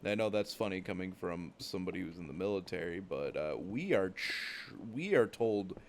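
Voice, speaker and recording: Playing a game, a young man from the US on his gaming channel rambles about his travels, cursing freely and saying "like" constantly. His voice sits very low but is animated at a moderate pace, and a faint hiss runs beneath it.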